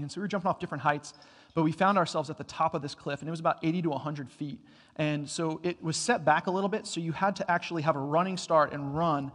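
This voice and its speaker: In a church hall where a long reverb follows every word, a pastor whose voice sits a touch higher than most men's tells stories with mounting energy. He builds to loud, excited bursts, then drops to quiet, deliberate emphasis.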